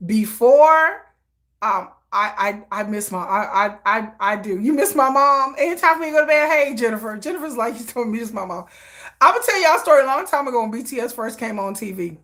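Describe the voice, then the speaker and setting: A woman's voice: on the high side, animated, a little fast, fairly bright tone. Middle-aged woman, hosting a livestream, rambling and laughing through a story. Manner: rambling, laughs often, acts out quoted voices. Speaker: livestream host. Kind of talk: casual storytelling chat.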